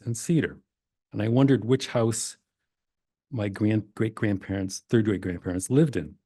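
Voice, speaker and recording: An older man from Maine giving a relaxed genealogy talk in a library, reading old records aloud with self-deprecating asides. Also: on the low side, no room sound, clean studio sound. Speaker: genealogy presenter. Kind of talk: library presentation to a society audience. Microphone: presenter mic in a library meeting room.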